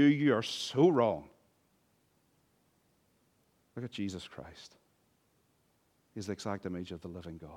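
A man preaching a sermon as pastor, passionate, swinging between hushed and loud, with humorous asides. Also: mid-range voice.

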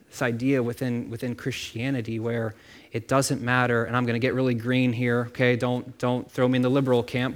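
A man preaching a sermon in a casual, conversational way, with frequent asides and repeated words. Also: mid-range voice. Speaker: pastor.

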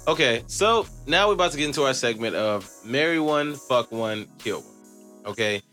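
A man hosting a podcast and telling crude, profane stories in a casual, animated way. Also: medium pitch, moderate pace, soft background music. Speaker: podcast host.

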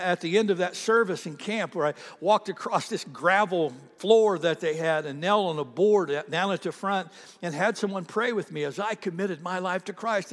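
Male pastor, sermon, earnest storytelling, high voice, long hall reverb. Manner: earnest, repeats words as he builds a story.

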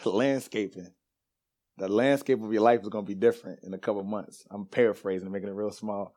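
A man's voice: on the low side, fairly even intonation, brisk, darkish tone. A man preaching in a church, telling a personal story with laughter and casual slang before turning to scripture. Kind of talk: storytelling sermon. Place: church sanctuary.

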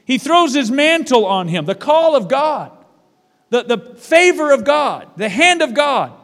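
A man's voice: very high voice, sing-song, measured pace, a bit bright, big-room sound. A male pastor delivering a sermon in a church, emphatic and repeating his phrases for weight.

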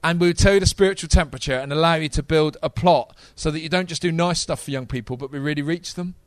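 A man preaching a sermon to a live congregation, energetic and talking straight to the audience. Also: a little high, fast, dry recording.

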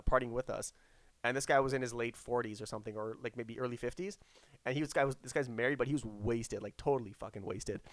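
A man's voice: mid-range voice, fairly bright tone, no room sound. A man telling a rambling story in casual chat, with restarts, acting out what others said. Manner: rambling, frequent restarts, acts out quotes.

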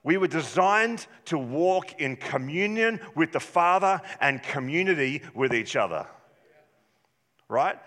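A man preaching a sermon as pastor, passionate and building up to shouts at times. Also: a little high, animated, a little slow, in a large hall.

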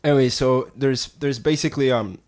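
A man's voice: mid-range voice, steady tone, a little fast, a little mellow. Rambling man who laughs through his talk. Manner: rambling, laughs often while talking. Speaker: podcast co-host. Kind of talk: casual podcast banter.

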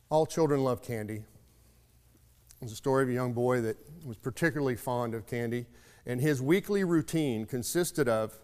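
A man's voice: mid-range voice, a little mellow, smooth, long reverb tail. A man giving a sermon, telling a folksy story in a reflective, conversational way. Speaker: preacher.

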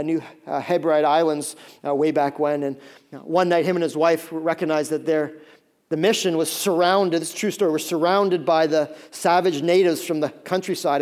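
A man in his thirties preaching a sermon, telling stories with lively acted-out voices and many fillers. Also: on the high side. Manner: animated storytelling, acts out voices, many fillers. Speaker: pastor.

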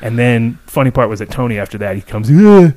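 A man in casual podcast chat, telling an animated story with plenty of swearing and laughter mid-sentence. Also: mid-range voice, quick pace.

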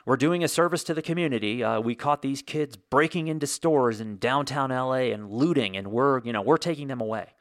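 A man's voice: medium pitch, fairly quick, few pauses, natural voice. A man playing a smug middle-aged male police spokesman who brushes things off glibly. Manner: glib, falsely reassuring.

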